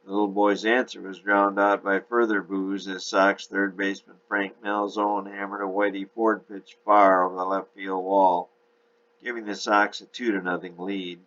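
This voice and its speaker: A man narrating a novel chapter in a steady storytelling manner. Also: low-pitched, moderate pace, muffled recording.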